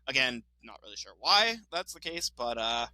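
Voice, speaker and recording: A man co-hosting a casual sports podcast, talking with fast, excited opinions, laughing often and swearing now and then. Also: medium pitch, no room sound, rough recording. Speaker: podcast co-host.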